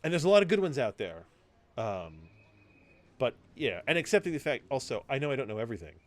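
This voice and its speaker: A man's voice: medium pitch, quick pace. A man co-hosting a podcast, telling a story in casual chat, acting out what others said and swearing freely. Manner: animated storytelling, swearing, acts out quoted voices. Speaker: podcast co-host.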